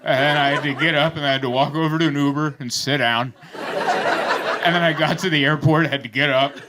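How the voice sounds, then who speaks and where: A man's voice: on the high side, brisk. A man performing a stand-up comedy set on a club stage, telling stories and acting out voices on a handheld mic. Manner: animated storytelling, acts out voices. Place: comedy club stage before a laughing crowd. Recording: loud crowd laughter and room noise.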